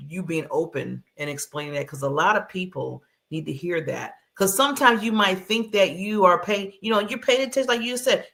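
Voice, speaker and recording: Gravelly-voiced woman hosting an interview. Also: medium pitch, fairly bright tone. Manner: encouraging, frequent affirmations. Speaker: host. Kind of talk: interview talk show hosting.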